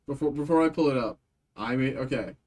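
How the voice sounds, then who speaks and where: A man hosting a live stream card break, reading off card names in quick lists and chatting with his viewers. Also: medium pitch, a little mellow. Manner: chatty with chat viewers, thanks buyers. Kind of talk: live stream pack opening.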